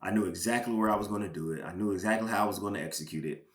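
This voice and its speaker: A former pro football player from Georgia, USA, shares a personal testimony as a podcast guest. His fairly low voice sounds reverberant, and his storytelling is earnest, emotional, and halting.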